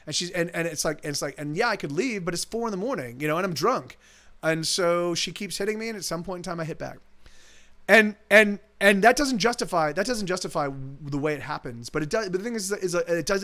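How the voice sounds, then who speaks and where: A man's voice: fairly high pitch, animated, a little fast, fairly bright tone. Rambling, swearing male musician between songs. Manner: rambling, many restarts, frequent swearing. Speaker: musician streaming live original music. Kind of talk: casual chat between songs.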